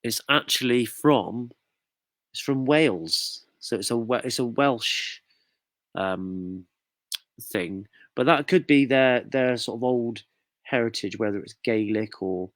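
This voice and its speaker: A man's voice: fairly low pitch, slow pace, a bit bright, dry recording. Chatty man hosting a quiz. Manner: chatty, reads out viewer comments, jokey. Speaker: quiz host. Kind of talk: casual live quiz chat.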